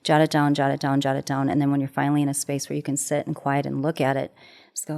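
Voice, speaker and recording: A middle-aged matchmaker and relationship expert tells a heartfelt story gently and earnestly, repeating phrases for emphasis. Her voice sits low with vocal fry and fairly even intonation, and she talks at a quick pace.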